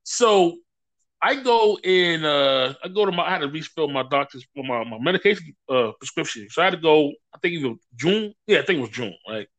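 A brisk man with a fairly high pitch appears as a guest on a podcast. During the casual conversation he tells stories with energy, voicing what others said.

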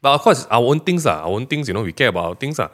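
A man with a Malaysian English accent in casual podcast chat, animated and given to acting out people he describes. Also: mid-range voice, racing. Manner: animated, mimics people in Manglish asides.

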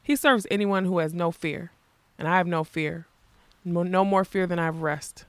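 An audiobook reader voicing a grim, bitter old king who speaks in a slow, stern, measured way. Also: medium pitch, a bit bright, clean tone, dry recording, natural voice. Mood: stern, scornful. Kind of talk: audiobook character reading.

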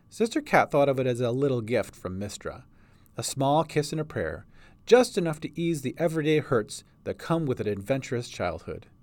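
A man's voice: medium pitch, darkish tone, no room sound. A man narrating a storybook reading as its writer and producer.

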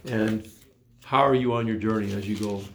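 A man's voice: on the low side, fairly even intonation, moderate pace, slight background noise. A man preaching a sermon in an earnest, repetitive way, full of rhetorical questions, recorded in an echoey room.

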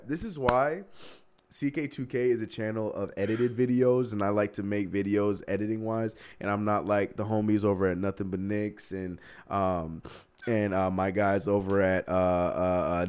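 Ranting low-voiced sports stream host. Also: male voice, a little mellow, clean tone. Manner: heated, ranting, laughing at himself. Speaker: livestream host. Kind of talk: casual sports talk livestream.

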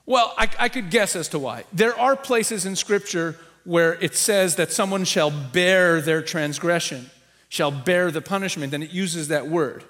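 A man with a high-pitched voice preaches a sermon as a visiting rabbi. He teaches with animated emphasis and acts out the voices he quotes. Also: measured pace, hardly any pauses.

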